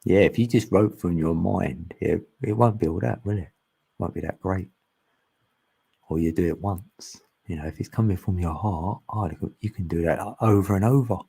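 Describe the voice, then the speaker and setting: Low gravelly man, dark husky voice, rambling host chat. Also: moderate pace. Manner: rambling, laughs often. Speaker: channel host. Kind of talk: casual spiritual chat. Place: long live stream.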